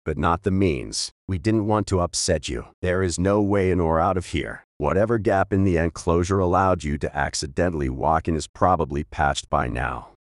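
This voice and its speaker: Weary, guarded man, read by a man in a deep, dry voice; calm and reluctant. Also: normal speed, few pauses, dry recording.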